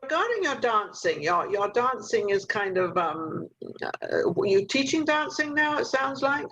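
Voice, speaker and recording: A woman's voice: a little high, sing-song, unhurried, a bit bright. An older woman hosting an interview over a video call, chatty and motherly as she hands out advice, with plenty of fillers. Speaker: talk show host. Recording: muffled video call audio.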